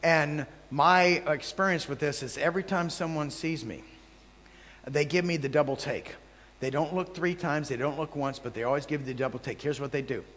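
A man teaching a live audience as a traveling Bible teacher, telling animated anecdotes with jokey asides to the crowd. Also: a little high, moderate pace. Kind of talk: storytelling sermon. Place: large hall before a live audience. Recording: long hall reverb.

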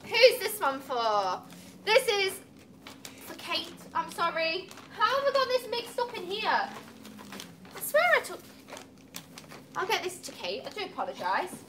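A woman's voice: extremely high pitch, sing-song, measured pace, pauses often, a bit bright, a little hiss or hum. A woman opening gifts at a cat cafe, chatting casually and cooing at the cats. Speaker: cat cafe staff member.

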